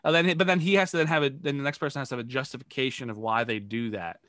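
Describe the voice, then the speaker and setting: Rambling bright-voiced man coaching improv. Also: medium pitch, fairly even intonation, very fast, no echo, studio quality. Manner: rambling, filler-heavy, coaching. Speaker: podcast host coaching improv. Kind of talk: casual podcast chat.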